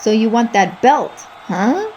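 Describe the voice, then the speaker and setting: A vain, pompous luchador champion, as a woman puts him on. He bellows his lines with a lively swing in pitch. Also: takes it slowly, highs cut off, slight background noise. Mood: boastful.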